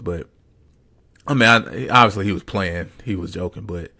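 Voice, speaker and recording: A man's voice: sits low, vocal fry, sharp tone. A man hosting a podcast, talking sports in a casual, rambling way with lots of fillers and repeated phrases. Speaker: podcast host.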